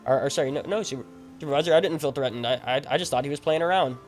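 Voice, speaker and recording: A young man streaming a game, telling a long story in a rambling, animated way with lots of fillers and restarts. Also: fairly high pitch, rapid-fire, soft background music. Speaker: gaming streamer. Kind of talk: casual storytelling over gameplay. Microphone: desk microphone at a gaming setup.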